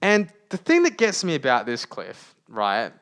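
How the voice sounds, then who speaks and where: A man co-hosting a podcast in casual chat, animated and joking, in a large open room. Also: mid-range voice, measured pace, clear, resonant tone. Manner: animated, joking, often laughing. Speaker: podcast co-host.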